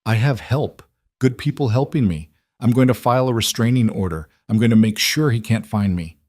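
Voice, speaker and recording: A man's voice: mid-range voice, fairly quick, a little mellow, dry recording, studio quality, close to an everyday voice. A man voicing a frightened young woman on the run. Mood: earnest.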